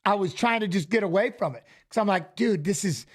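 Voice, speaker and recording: Telling stories casually while co-hosting a live fight watch-along, a middle-aged man speaks in a high-pitched voice, a little fast. He's animated, acts out the dialogue he quotes, and repeats "I go."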